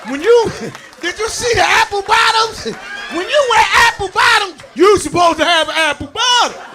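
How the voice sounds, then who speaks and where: A man doing a stand-up comedy set for a live audience, shouting his punchlines, laughing at his own jokes and calling out to the crowd. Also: very high-pitched, noisy background. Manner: talks straight to the crowd, calls out to them.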